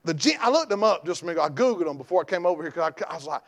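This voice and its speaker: Folksy Southern pastor with a high voice. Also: male voice, lively intonation, racing, a bit bright. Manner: folksy, joking, plain-spoken preaching. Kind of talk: Sunday evening sermon.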